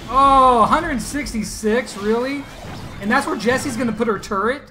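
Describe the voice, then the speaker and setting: Bright-voiced man giving excited gameplay commentary. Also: very high voice, moderate pace, faint music behind. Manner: excited, laughing, trash-talking opponents. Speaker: gaming YouTuber.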